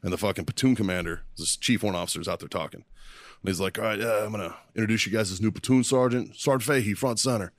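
A man in his thirties telling barracks stories on a podcast, profane and animated, often breaking into laughter. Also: lowish voice, rapid-fire. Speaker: podcast co-host. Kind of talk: casual storytelling.

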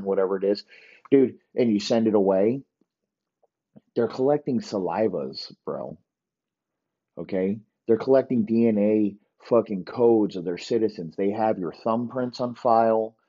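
A man rants through a profane, rambling comic monologue as a podcast host. His voice sits low and mellow. The recording sounds muffled and lo-fi. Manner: crude, profane, ranting. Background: dogs barking.

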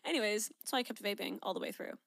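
A woman's voice: mid-range voice, fast, gravelly, a bit bright, no room sound. Chatty young woman, dry sound. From Canada. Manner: chatty and candid, swears freely, goes off on tangents. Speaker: podcast host. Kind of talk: casual solo podcast talk.

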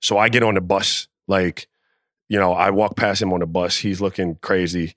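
A man telling a locker-room story in a casual podcast chat, animated and profane, acting out the quotes. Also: low voice, moderate pace, no room sound, studio quality. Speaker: podcast co-host, former NBA player.

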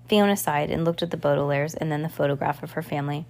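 A woman's voice: deep voice, fast talker, vocal fry, hardly any pauses, a little mellow. A woman reading a children's novel aloud, casual, correcting her own slips as she goes. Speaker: audiobook reader.

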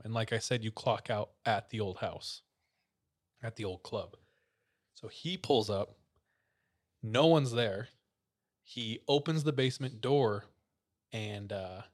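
Male host, relaxed storyteller, mid pitch, informal creepy-tale delivery. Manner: relaxed storyteller, many "like" fillers. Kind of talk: casual storytelling of creepy tales.

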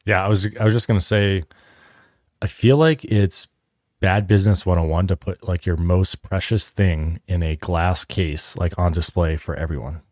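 A man's voice: deep voice, steady tone, normal speed, a little mellow, no room sound, clean studio sound. A man co-hosting a podcast, chatting casually with many filler words. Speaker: podcast co-host. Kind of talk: casual chat.

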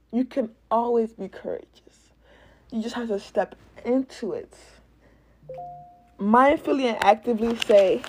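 A woman's voice: a little high, animated, normal speed, dark tone, slightly rough. A woman hosting a casual spiritual podcast, talking animatedly, laughing and swearing as she acts out quoted voices. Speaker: podcast host.

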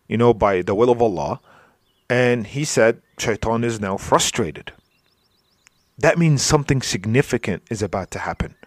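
A male Islamic preacher giving a conversational religious lecture, often asking "right?" and filling pauses with "you know" and restarts. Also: mid-range voice, no room sound, studio quality. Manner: informal, checks in with "right?" and "you know", many fillers and restarts.

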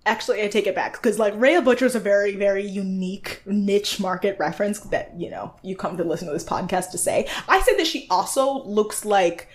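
A woman co-hosting a podcast in a loose, casual chat. She talks fast and freely, drops the odd swear word, and slips into little voices when she quotes people. Her pitch sits in a middle range. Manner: chatty, swears, acts out quotes with laughs. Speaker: podcast co-host. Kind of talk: casual chat recapping a reality show.

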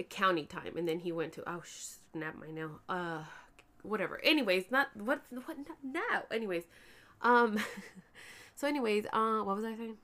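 Woman vlogger, casual chat, pregnant and tired, animated, salty language, mid-pitched voice. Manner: animated, chatty, swears casually.

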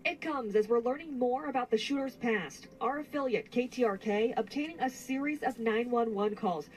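A woman news anchor reading a scripted report in a measured, formal way. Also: a little high.

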